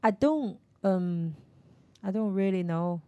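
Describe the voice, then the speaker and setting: Halting woman in non-native English. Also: mid-range voice, expressive, dark tone, clear, resonant tone, no echo, dull audio. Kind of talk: casual chat.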